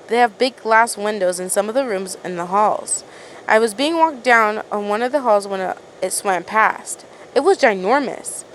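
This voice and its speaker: A woman's voice: fairly high pitch, slight background noise, close to an everyday voice, low-quality recording. A woman reading as a nervous captive woman.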